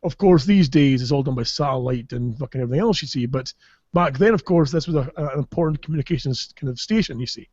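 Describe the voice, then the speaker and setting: Speaking fast in a mid-range, slightly mellow voice, this Scottish-accented podcast host from Caithness rambles through sweary, funny stories, laughing as he goes. The sound is dry and lo-fi.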